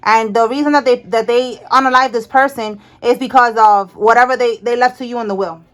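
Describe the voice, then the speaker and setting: Woman, tarot reader, slightly high voice, animated, repeats herself. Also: fairly quick. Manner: animated, talks to the cards and Spirit, repeats herself. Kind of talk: casual tarot reading.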